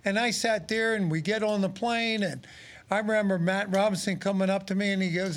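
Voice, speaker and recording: A man's voice: high-pitched, a little fast. A man in his sixties, a former pro football player and radio analyst, chatting casually about the game and animatedly acting out quotes as he tells stories. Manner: animated storyteller, acts out quotes. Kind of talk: casual sports talk.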